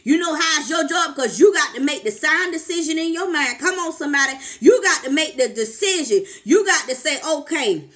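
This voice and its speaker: A woman's voice: high-pitched, animated, brisk, few pauses, a bit bright. A woman life coach, preaching to camera with fervent, repetitive exhortations and calls of "come on, somebody".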